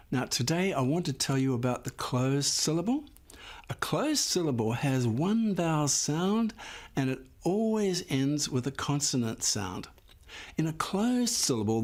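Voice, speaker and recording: A man teaching a phonics lesson, explaining syllable rules patiently and sounding out words slowly and clearly for the class. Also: mid-range voice. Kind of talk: slow, clear classroom instruction.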